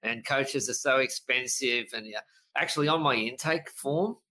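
A middle-aged business coach in a casual podcast interview, telling stories in an animated way and acting out quotes. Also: male voice, mid-range voice, normal speed, poor audio. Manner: animated storyteller, lively voices for quotes, frequent laughs.

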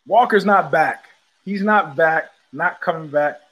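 Rambling through stories on his casual podcast, an older host acts out the voices of those he quotes. He speaks a little high and unhurried, his voice pushed, bright, and husky.

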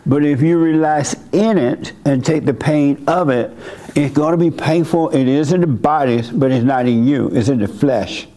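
A man's voice: fairly high pitch, moderate pace, warm tone. An older man, hosting a church meeting and giving blunt, folksy spiritual advice to a member, chuckling now and then. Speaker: host and church leader. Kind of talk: counseling a congregation member.

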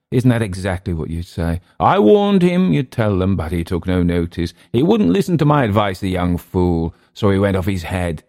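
A man's voice: lowish voice, darkish tone, voice pushed up. A man reading aloud, voicing a drunk young Englishman who mocks his companion with jeering taunts. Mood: mocking.

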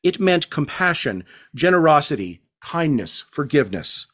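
A man's voice: on the high side, big pitch swings, fairly bright tone. Man reading hard-edged crime fiction. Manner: measured, hard-edged first-person narration. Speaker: author. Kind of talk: reading aloud from his novel.

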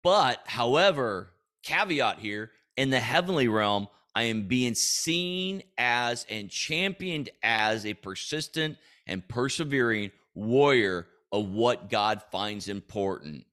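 A man's voice: medium pitch, animated, slow, few pauses, fairly bright tone. A man hosting a faith-based personal coaching podcast, talking emphatically and often checking in with "all right?". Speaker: podcast host.

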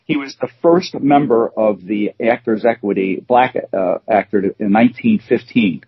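A man with a mid-pitched, husky voice co-hosts a casual chat. He talks haltingly and restarts his sentences often. The sound is dry and somewhat dull. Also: no room sound. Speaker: co-host.

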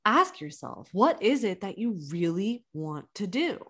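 A woman in her thirties coaches her listeners through a motivational talk. She speaks earnestly and warmly encouraging, stressing key points and restarting her phrases as she goes. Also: medium pitch, very animated, a little slow. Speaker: business coach. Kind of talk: motivational podcast monologue.

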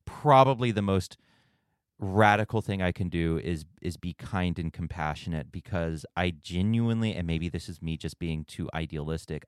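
Podcast host guy, deep and clear, pauses and restarts a lot, thinking out loud. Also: no echo, studio quality. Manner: reflective, hesitant, restarts phrases. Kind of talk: conversational interview.

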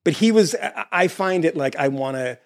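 A man hosting a casual interview, talking in an animated, emphatic way with quick asides. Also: on the high side, dry recording, clean studio sound.

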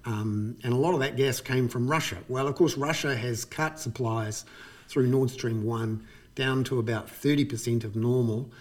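Male commentator, New Zealand accent, mid pitch, chatty and wry, loose delivery with lots of ums and sudden emphasis. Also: fairly even intonation, moderate pace. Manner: chatty and wry, with frequent fillers and bursts of emphasis. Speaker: economics commentator. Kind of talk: casual spoken commentary on markets.

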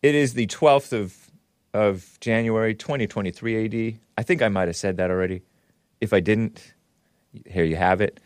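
A man's voice: lowish voice, moderate pace, darkish tone, clear, resonant tone, dry recording. Rambling sarcastic male stream host. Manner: rambling, sarcastic, with frequent self-corrections and asides. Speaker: show host. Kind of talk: casual live-stream political commentary.

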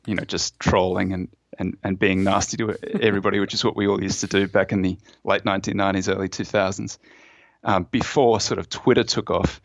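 An author and fund manager appears as a podcast guest, explaining at length and telling stories with fillers and restarts in a conversational interview. His voice is fairly low, and the recording is dry and lo-fi.

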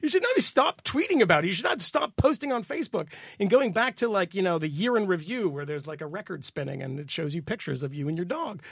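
Man, fairly high voice, dry close sound, exasperated casual ranting. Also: quick pace, creaky, hardly any pauses, slightly rough, dry recording. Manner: animated, exasperated, swearing, laughing mid-sentence. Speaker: podcast co-host. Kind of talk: casual political rant.

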